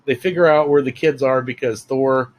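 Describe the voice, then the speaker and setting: A man's voice: medium pitch, fairly even intonation, moderate pace, poor audio. A man giving a casual, rambling spoiler review of a film, full of fillers and asides. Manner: rambling, chatty, many fillers.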